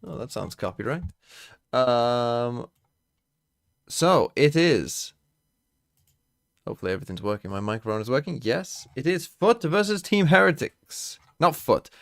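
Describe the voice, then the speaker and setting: A man's voice: medium pitch, sing-song, a little slow, gravelly, long pauses, no echo, faint music behind. Chatty male streamer, dry close mic. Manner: chatty, thinks aloud, thanks viewers between remarks. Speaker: streamer hosting a watch party. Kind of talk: casual live-stream co-commentary.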